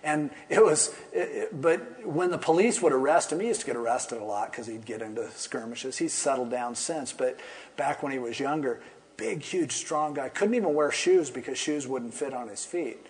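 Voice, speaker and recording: A pastor teaching a Bible passage in an easygoing, conversational way, retelling the story with humorous asides. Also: male voice, medium pitch, expressive, normal speed.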